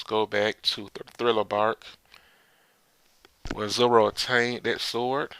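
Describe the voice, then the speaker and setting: A man rambles through a casual chapter recap, full of filler words and quick laughs. His voice sits low, with a gravelly, bright, forward edge. The sound is close and dry. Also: dry recording. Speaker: manga chapter reviewer.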